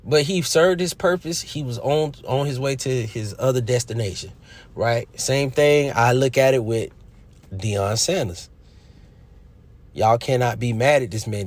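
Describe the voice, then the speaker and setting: A man talking casually and emphatically about sports and manhood, preachy, swinging from loud outbursts to quiet asides. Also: medium pitch, measured pace. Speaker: commentator. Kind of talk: casual opinion monologue.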